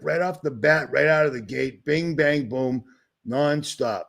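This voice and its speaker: A man from Boston hosts a livestream while sharing his screen, delivering a sarcastic, agitated, rambling rant. His voice is a little high, unhurried, creaky, and fairly bright.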